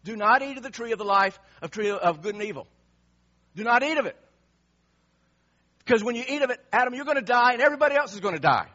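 A man's voice: very high voice, expressive, quick pace, long pauses, pushed and bright, muffled recording, pitched above the performer's own voice, heavily acted. A preacher voicing God as a stern male figure giving an emphatic warning.

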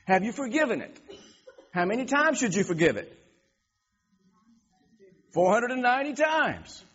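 A male preacher telling a story in a sermon, animated, stumbling over restarts and laughing along the way. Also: very high-pitched, normal speed, slightly rough. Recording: dull lo-fi recording.

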